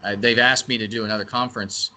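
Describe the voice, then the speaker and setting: A man's voice: on the low side, fairly even intonation, fast talker, pushed and bright. A man speaking as a guest on a radio interview, talking casually and rambling, often restarting and correcting himself. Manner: rambling, self-correcting talker. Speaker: event organizer and interview guest.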